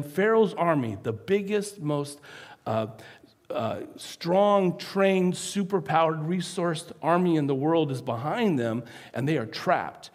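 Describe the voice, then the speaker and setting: Animated preacher in a reverberant hall. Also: male voice, fairly high pitch. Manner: animated, acts out quoted voices. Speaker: pastor. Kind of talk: sermon.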